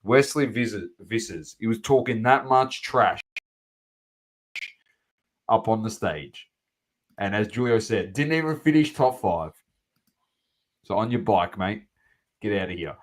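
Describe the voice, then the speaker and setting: A man's voice: lowish voice, expressive, measured pace, pauses often. An Australian man co-hosting a sports podcast, chatting casually in blunt, sweary slang. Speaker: podcast co-host.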